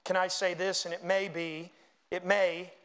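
High-pitched guy preaching a sermon, reads verses then riffs to the church. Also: measured pace. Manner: animated preaching, reads scripture aloud, asides to congregation. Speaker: pastor.

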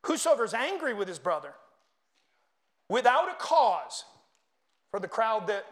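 A man preaching a sermon, reading scripture aloud and making animated asides to the congregation. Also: sits high. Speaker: pastor.

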